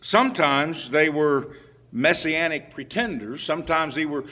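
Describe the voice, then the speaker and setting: A man preaching a sermon, unhurried with occasional fillers, growing emphatic and louder on key points. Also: on the high side. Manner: emphatic, rising in volume on scripture quotes.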